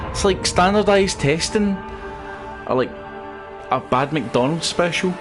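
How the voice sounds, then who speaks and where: A man's voice: a little high, expressive, a little slow, long pauses, music in the background. A Scottish man chatting loosely while streaming a video game, rambling with lots of fillers. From Scotland. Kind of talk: casual gameplay commentary.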